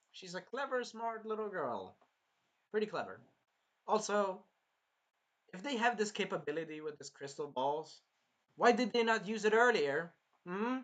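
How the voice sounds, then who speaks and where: A man's voice: high-pitched, a bit bright. A man casually chatting through an anime episode review, rambling and swearing now and then as he retells scenes.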